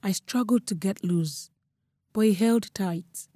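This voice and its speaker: A young woman with a Nigerian accent telling a first-person story in a steady, matter-of-fact way. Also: medium pitch, takes it slowly, dry recording, studio quality. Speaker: narrator.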